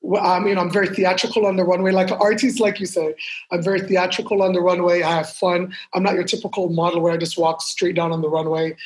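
A woman's voice: fairly low pitch, fast talker, rough recording. Woman model telling stories vividly. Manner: lively storyteller who acts out quotes. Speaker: guest, fashion model. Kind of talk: casual storytelling interview.

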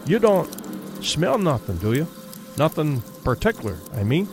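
A man voicing a grim, uneasy male backwoods guide from Canada, who talks in folksy, rough backwoods grammar. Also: on the high side, sing-song, moderate pace, music in the background.

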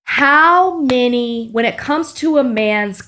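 A woman's voice: high-pitched, lively intonation, slow pace, background noise. A young woman from Texas with a Texan accent, co-hosting a podcast with playful, teasing, laughing chat. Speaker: podcast co-host.

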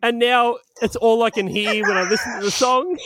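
A man's voice: very high voice, fairly even intonation, moderate pace, a bit bright, no room sound. A man co-hosting a podcast in casual banter, laughing often, swearing and reading comments aloud. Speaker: podcast co-host.

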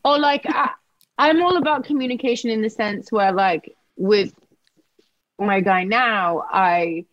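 A woman's voice: medium pitch, measured pace, dry recording, muffled recording. Candid, swearing woman in casual chat. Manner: candid, swears freely, laughs often.

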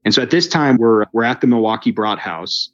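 A man telling his story as a guest in casual conversation, animated and fast, with many restarts and "like"s, his pitch jumping up when he relives exciting moments. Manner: quick with frequent restarts and "like". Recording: dull lo-fi recording.

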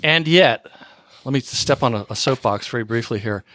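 A man hosting a podcast interview, animated and quick to laugh, with self-deprecating asides. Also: medium pitch, no room sound, studio quality. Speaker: podcast host. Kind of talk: podcast interview, asking questions.

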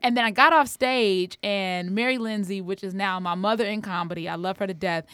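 A woman hosting a podcast, talking expressively and laughing often. Her voice sits at a middle pitch and sounds dry and close to the mic. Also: fairly quick, a bit bright, clear, resonant tone, no echo. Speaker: podcast host, comedian. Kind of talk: casual chat.

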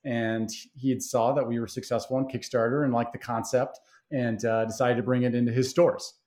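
A man's voice: mid-range voice, little pitch movement, a little fast, darkish tone. A man being interviewed about starting his party game company, talking in an easygoing way with plenty of fillers and restarts. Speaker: game creator guest. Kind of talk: conversational interview.

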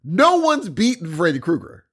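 Husky laid-back man. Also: high voice, wildly swooping pitch, normal speed, fairly bright tone. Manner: laid-back, joking, trails off mid-sentence. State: foggy, a bit under the weather. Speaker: podcast co-host. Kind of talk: casual chat.

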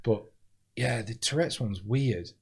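A man who is a comedian, chatting on a podcast, telling animated stories, acting out voices and swearing freely. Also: medium pitch, unhurried, slightly rough. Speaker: comedian guest. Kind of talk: casual podcast chat.

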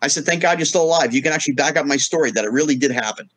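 A man's voice: a little high, very fast, no room sound. A middle-aged man, a guest in a casual interview, telling stories and acting out the voices of the people in them. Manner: animated storyteller acting out quoted voices.

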